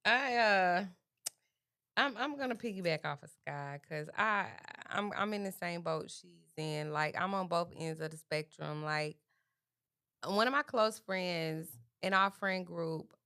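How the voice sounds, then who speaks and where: A middle-aged mother on a talk panel, telling stories in an animated, lively way. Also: on the low side, unhurried, clear, resonant tone. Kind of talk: casual chat.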